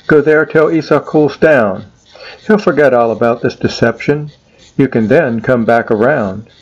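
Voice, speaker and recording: A man voicing Rebekah, a calm, caring middle-aged mother who gives gentle advice. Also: mid-range voice, measured pace, slightly rough, lo-fi sound. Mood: advising.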